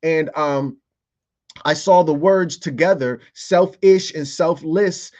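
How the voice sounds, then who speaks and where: High-voiced man riffing profanely. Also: slow, darkish tone, muffled recording. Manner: profane, playful riffing with lots of fillers. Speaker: podcast host. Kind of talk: comedic podcast monologue.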